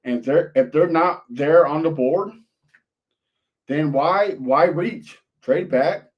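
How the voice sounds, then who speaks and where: A man's voice: a little high, slow, dull audio. A man chatting casually as a fan-show co-host, often restarting his sentences.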